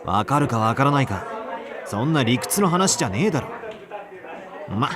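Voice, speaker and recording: A man playing a blunt young male classmate in game audio, quick and rough-spoken. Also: medium pitch, big pitch swings, a crowd in the background, natural voice. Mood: scolding.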